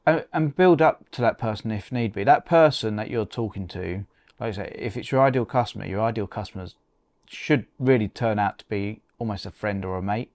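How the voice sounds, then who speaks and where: A man co-hosting a podcast, giving practical advice in a relaxed, chatty way and often restarting words. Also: fairly low pitch, a little fast, no echo. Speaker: podcast co-host. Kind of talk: casual advice chat.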